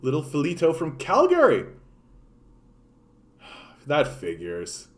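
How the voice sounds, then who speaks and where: A man's voice: on the high side, wildly swooping pitch, slow. A man ranting about politics on a livestream, impassioned and full of swearing. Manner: impassioned, profane, repetitive. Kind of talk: unscripted political rant.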